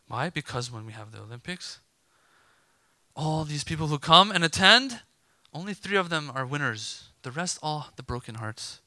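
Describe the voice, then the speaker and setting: A man preaching a sermon to a gathered crowd, animated and emphatic, acting out imagined dialogue to make his points. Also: fairly high pitch, normal speed, no echo.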